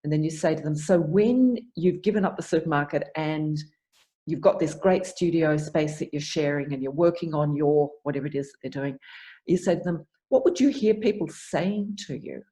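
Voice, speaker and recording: A woman's voice: low-pitched, moderate pace, dark tone. A woman coach explaining a visualization method step by step in an online talk, acting out the questions she would ask a client. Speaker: arts business coach. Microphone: video call.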